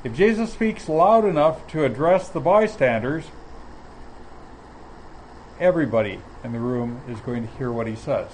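A man teaching from the Bible in a measured, explanatory way, often pausing mid-phrase. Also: medium pitch, animated, a little hiss or hum, rough recording. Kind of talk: sermon.

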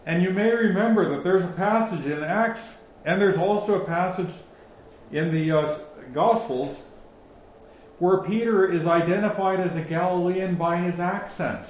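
Slow, flat-voiced northern Minnesota man. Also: high voice, reverberant, lo-fi sound, slight background noise. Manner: flat intonation, questions sound like statements. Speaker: Bible teacher. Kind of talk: relaxed Bible teaching.

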